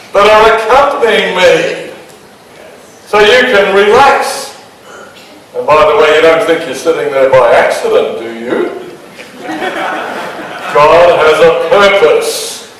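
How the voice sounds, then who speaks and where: Australian pastor preaching in an echoey hall. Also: male voice, a little high, recorded from a distance. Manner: humorous, animated storyteller acting out dialogue. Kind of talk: storytelling sermon. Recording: echoey hall, mic from afar, faint noise.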